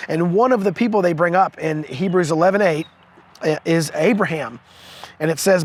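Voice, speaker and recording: A man's voice: high voice, normal speed. A man hosting a fathering video series, giving an earnest, casual devotional talk with chuckles and quoted scripture, recorded outdoors on location.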